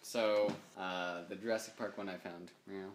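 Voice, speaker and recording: Low-voiced young man, dry and hesitant. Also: fairly even intonation, normal speed, roomy sound, background noise. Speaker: podcast co-host. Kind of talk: casual chat.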